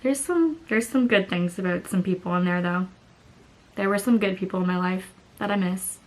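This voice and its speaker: A woman's voice: mid-range voice, moderate pace, a little mellow. A thirty-year-old woman chatting candidly in a casual vlog, swearing now and then. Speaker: vlogger.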